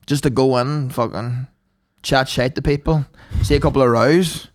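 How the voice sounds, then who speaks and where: A man's voice: mid-range voice, steady tone, normal speed. A young Northern Irish man co-hosting a comedy podcast, dropping dry, sweary quips. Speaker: podcast co-host. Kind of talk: casual comedy chat.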